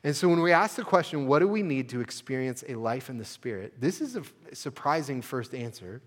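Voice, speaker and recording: A male pastor from the United States delivers a sermon with earnest conviction, rising to emphatic peaks before falling back to hushed, quiet phrases. His voice sits at an ordinary middle pitch. The sound carries the long reverb of a church sanctuary. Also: animated, a little fast. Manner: earnest preaching, building to emphatic peaks and dropping soft.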